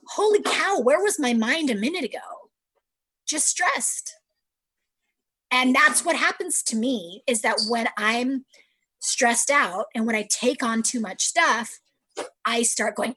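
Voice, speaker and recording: Woman, thirties, husky, higher voice; earnest personal talk with lively acted-out quotes. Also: unhurried, poor audio. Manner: earnest, animated, acts out her own quotes.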